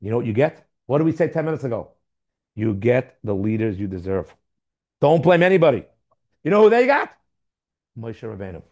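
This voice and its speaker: Fast-talking emphatic man teaching. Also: mid-range voice, expressive, mellow. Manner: emphatic, rhetorical questions, repeats words. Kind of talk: Torah class lecture.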